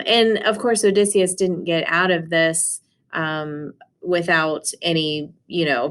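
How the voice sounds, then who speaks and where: A woman teacher speaks in a slightly low, everyday voice as she talks her class through a lesson. She is casual and unscripted, with frequent fillers and restarts. The pace of her talk shifts often. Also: fairly bright tone, clean tone. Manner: casual, many ums and restarts. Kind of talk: recorded class lesson and screen walkthrough.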